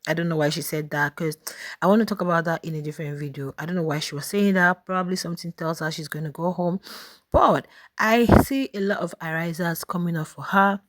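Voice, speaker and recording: Speaking briskly in a lowish voice with no echo, a South African YouTube host addresses her viewers directly. Her chatty talk centers on voting polls for reality shows.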